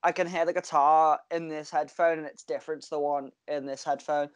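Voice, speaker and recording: A man's voice: on the high side, steady tone, fairly quick, smooth, no echo. A man co-hosting a podcast, chatting casually over a video call and telling stories with frequent laughter. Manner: chatty storyteller, laughs often. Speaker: podcast co-host. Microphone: video call mic.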